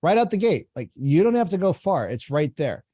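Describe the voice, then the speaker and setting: A man's voice: on the high side, sing-song, a little fast, dark tone, no echo, studio quality. A man hosting a podcast, explaining sales-call technique in a coaching tone and often asking "right?". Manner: explanatory, repeats phrases, frequent "right?". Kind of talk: coaching commentary.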